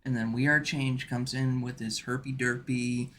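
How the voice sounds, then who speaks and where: A man's voice: medium pitch, flat delivery, normal speed, a bit bright, slight background noise. A man streaming, chatting casually in a rambling way with many fillers and restarts. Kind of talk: casual chat.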